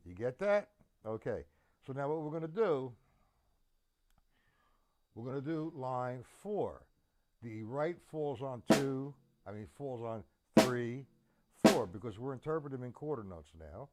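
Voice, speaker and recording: Slow-talking male drum teacher. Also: mid-range voice, animated, over loud music. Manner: counts beats aloud slowly and emphatically. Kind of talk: drum lesson. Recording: loud drum kit over voice. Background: loud drums.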